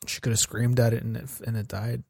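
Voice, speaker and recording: A man's voice: medium pitch, flat delivery, fast, creaky, darkish tone, dry recording, clean studio sound. Joking man trading crude banter. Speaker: podcast co-host. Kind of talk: casual chat.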